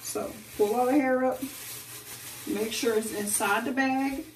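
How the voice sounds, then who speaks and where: A young woman, a beauty vlogger, chatting casually with viewers in an animated way as she tells a personal story during a hair routine at home. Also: a little high, measured pace, recorded from a distance, slight background noise. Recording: echoey room, away from the mic.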